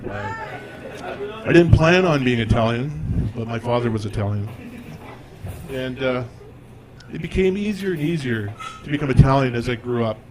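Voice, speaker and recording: A man's voice: mid-range voice, expressive, normal speed, long pauses, a crowd in the background. A man in his forties performing a stand-up comedy routine on stage, with a conversational, self-deprecating delivery. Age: 40s. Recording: live audience in a comedy club.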